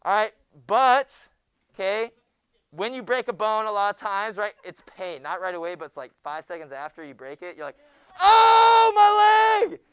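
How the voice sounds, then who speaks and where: A young man teaching a junior high Bible class in a classroom, joking with the students and often hushing them. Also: steady tone, moderate pace, clear, resonant tone, no echo. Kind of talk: classroom lecture.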